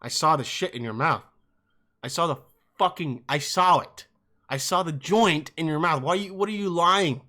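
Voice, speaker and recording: A man's voice: fairly high pitch, moderate pace, bright, forceful tone. A young man voicing his stern middle-aged father, who keeps accusing him of lying. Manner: accusing, repetitive.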